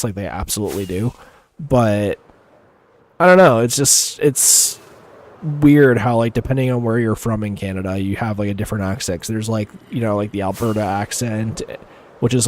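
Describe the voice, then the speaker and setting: A man streaming a game live, chatting casually with viewers and rambling with lots of fillers and quick chuckles. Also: fairly low pitch. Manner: chats with viewers while playing. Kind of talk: casual gameplay commentary.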